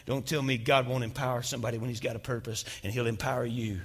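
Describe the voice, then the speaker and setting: A man's voice: mid-range voice, level tone, quick pace, few pauses, breathy edge. A male pastor preaching a sermon and dramatically retelling a testimony. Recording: long reverb of a large hall.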